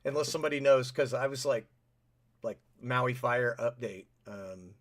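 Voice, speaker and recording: A man's voice: mid-range voice, moderate pace. A man co-hosting a podcast in casual chat, wry and sarcastic about government. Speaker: podcast co-host.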